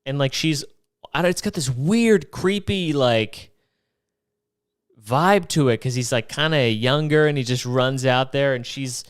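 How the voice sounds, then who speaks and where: A man hosting his own podcast, rambling through past episodes in a joking, animated way and swearing freely. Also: mid-range voice, unhurried, clean tone. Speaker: podcast host. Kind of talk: rambling solo podcast monologue.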